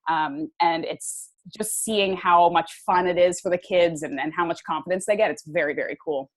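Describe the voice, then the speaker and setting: Woman, thirties, low-ish voice, enthusiastic podcast guest, rambling casual talk. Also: normal speed. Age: 30s. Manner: enthusiastic, talks in loose run-on phrases. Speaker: podcast guest, fitness writer. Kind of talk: casual interview chat.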